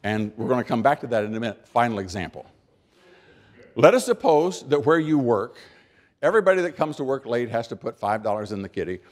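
An older man from the United States giving a keynote speech, telling folksy stories and making points with emphatic pauses and repeated words. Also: medium pitch, very animated. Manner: folksy storytelling, acting out little scenes. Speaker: keynote speaker.

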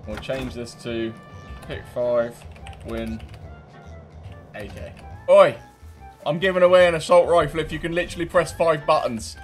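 Male British gamer-host, slightly high pitch, joking and crude banter over light music. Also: normal speed, long pauses. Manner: bantering, swearing, laughing often. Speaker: game streamer. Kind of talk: casual gameplay commentary.

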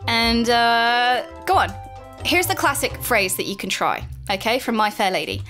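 A woman hosting a laid-back gaming session, giggly and full of teasing. Her voice is high and bright, and it leaps up and down as she jokes. She sounds playful rather than scripted. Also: sing-song, normal speed, soft background music. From Britain. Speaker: host. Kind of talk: casual chat while playing a video game.

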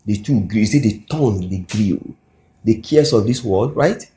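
A man with a Nigerian English accent delivers a sermon in a church hall. His voice is mellow and unhurried in tone. He keeps prompting his listeners to call out the missing words, and the room adds an echoing ring to it all. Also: on the low side, lively intonation, a little hiss or hum. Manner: call-and-response, asks the congregation "what?" to fill in words. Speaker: preacher. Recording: echoey hall recording.

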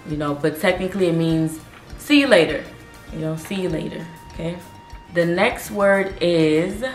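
Slow, chatty woman teaching phrases. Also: deep voice, reverberant, soft background music. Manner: chatty, repeats each phrase slowly. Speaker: language tutor. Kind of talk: casual vlog lesson.

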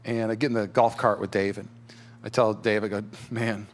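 A young man who pastors a church, preaching a sermon in his sanctuary with animated storytelling and frequent filler words. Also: lowish voice, normal speed. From California, USA.

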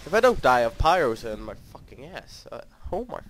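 A man's voice: mid-range voice, very animated, a little fast, fairly bright tone, slight background noise. Frustrated, swearing young gamer man. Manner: frustrated, swearing, self-mocking, fidgety rambling. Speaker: gameplay commentator. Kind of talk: live gameplay commentary.

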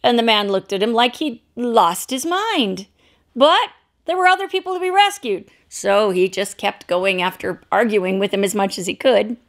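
A woman pastor with an animated, mid-range voice preaches a sermon at normal speed. She tells a story loosely and unscripted, with fillers and restarts.

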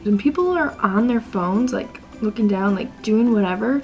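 A young woman talking straight to camera in a casual rant, exasperated and chatty, leaning on "like" between thoughts. Her pitch sits in a middling range. Soft music plays faintly underneath. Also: lively intonation, moderate pace. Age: young adult. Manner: exasperated, chatty, heavy use of "like", mock-quotes people. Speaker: vlogger. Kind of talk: casual ranting vlog.

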